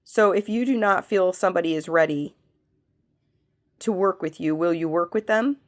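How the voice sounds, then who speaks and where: A woman who has a cold, working as a medium, leads a spiritual pendulum reading and asks slow yes-no questions that she answers herself. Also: lowish voice. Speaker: medium and reiki practitioner.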